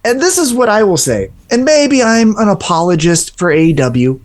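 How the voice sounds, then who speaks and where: A man's voice: high-pitched, sing-song, moderate pace. A man co-hosting a podcast, giving his opinions in casual chat with fillers and hesitations. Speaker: podcast co-host.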